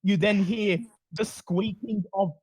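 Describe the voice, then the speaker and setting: A man's voice: sits high, fairly even intonation, slow pace, darkish tone, slightly rough, no echo. A man narrating a tabletop role-playing game in a casual, plain-spoken way. His voice sounds dry and close to the mic, with no room around it. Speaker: game master.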